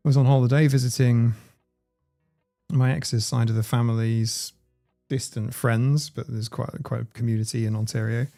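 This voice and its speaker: A man's voice: medium pitch, level tone, moderate pace, creaky, mellow, faint music behind. A man, hosting a casual livestream and reading out viewers' comments in a chatty, playful way. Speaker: livestream host.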